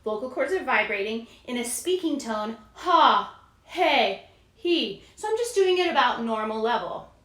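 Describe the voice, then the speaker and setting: A woman vocal coach giving a singing lesson, explaining clearly and demonstrating sounds in a friendly way. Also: a little high, very animated, a little fast. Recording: roomy echo.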